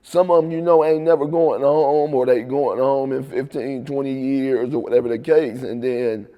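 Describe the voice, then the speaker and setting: A man sits for an interview and tells his story in a loose, easygoing way, dropping "right?" and "man" between phrases. His voice sits at an ordinary pitch for a man. The room carries a long reverb tail. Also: steady tone, moderate pace, highs cut off. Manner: laid-back, repeats "right?" and "man". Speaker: interview guest.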